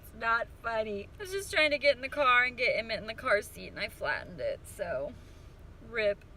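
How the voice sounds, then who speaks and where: A woman's voice: on the high side, lively intonation, normal speed, sharp tone, slight background noise. A young woman in her home kitchen, chatting casually through a baking vlog, playful and self-deprecating, tripping over her words, with faint music behind. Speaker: home baker vlogger.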